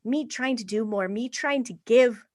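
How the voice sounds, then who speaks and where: A woman in her thirties, a podcast guest speaking candidly in an interview and bringing her past thoughts to life with animated quoted voices. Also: a little high, normal speed, dry recording, clean studio sound.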